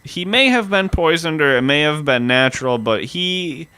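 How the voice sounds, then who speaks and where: A male podcast co-host with a bright, forceful voice tells a history story in an animated, profane way. His pitch sits in the middle range for a man. The recording is very dry and close. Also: moderate pace, smooth, no room sound. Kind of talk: casual history podcast chat.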